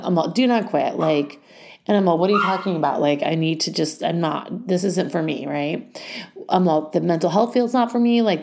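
Gravelly, mellow-voiced woman talking from the heart. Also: on the low side. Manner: rambling, heartfelt, many fillers. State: getting emotional. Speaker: school founder and podcast host. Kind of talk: emotional personal monologue.

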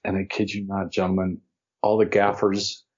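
A man, an actor, telling animated anecdotes as an interview guest and laughing now and then as he talks. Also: deep voice, normal speed, muffled recording. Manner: animated storyteller, laughs mid-story.

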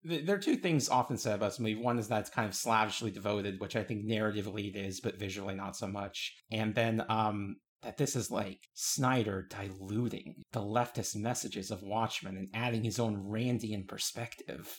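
A man's voice: on the low side, normal speed, few pauses. A man co-hosting a podcast, talking casually in a dry, matter-of-fact way. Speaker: podcast co-host. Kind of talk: casual chat.

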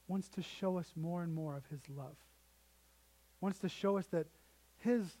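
A man's voice: a little high, noisy background. A young man preaching a sermon in a conversational storytelling way, often restarting sentences. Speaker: pastor.

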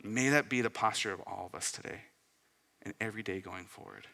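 A young man preaching a sermon as pastor, rising to loud emphatic peaks and dropping to soft hushed asides. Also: on the low side, fairly quick, creaky, long reverb tail.

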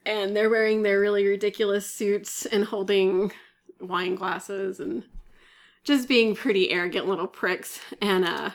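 A woman's voice: medium pitch, steady tone, a little slow. A woman co-hosting a casual fan podcast, laying out her points step by step and laughing often. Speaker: podcast co-host.

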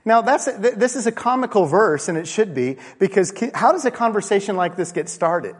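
A man's voice: sits high, expressive, brisk, slightly rough. A man preaching a conversational sermon with rhetorical questions and playful asides in a church. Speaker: pastor. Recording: long reverb of a large hall.

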